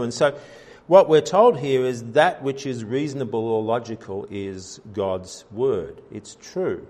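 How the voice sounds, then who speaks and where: Pastor, male, mid-pitched voice, preaching earnestly, halting with fillers and restarts, building emphasis on key points. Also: darkish tone. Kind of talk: sermon.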